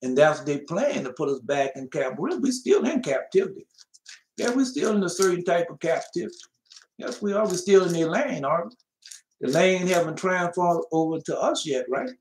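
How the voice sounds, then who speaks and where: A man preaching a fiery Bible-study sermon, swinging between loud emphatic bursts and soft mocking asides, and reading scripture slowly. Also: on the high side, expressive, roomy sound, a little hiss or hum. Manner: slow, drawn-out scripture reading.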